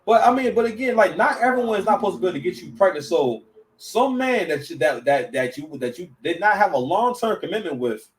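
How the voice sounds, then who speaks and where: Man, reaction commentary, stammering and slangy, higher voice, set back from the mic. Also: fast talker, recorded from a distance, a little hiss or hum, rough recording. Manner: stammering, slang-heavy, animated.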